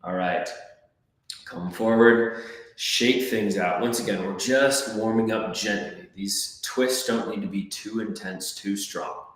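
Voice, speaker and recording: A man coaching a breathwork class, calmly counting and giving gentle step-by-step cues. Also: fairly low pitch, slow pace. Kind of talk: guided breathwork class instruction. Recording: very echoey room.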